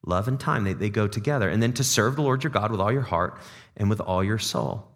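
A man's voice: lowish voice, fairly quick. A man preaching a sermon as pastor to his congregation. He talks in a conversational way, asks the room questions, repeats words as he thinks aloud and drops in dad jokes. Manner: jokey dad-joke asides. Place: church service before a congregation.

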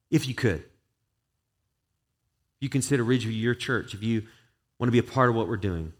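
Man, pastor, low-pitched voice, earnest conversational sermon, prayerful.

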